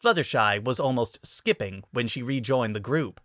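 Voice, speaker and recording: Expressive fantasy story narrator, lively ups and downs, very dry close sound. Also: mid-range voice, normal speed, dry recording. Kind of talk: dramatic audiobook reading.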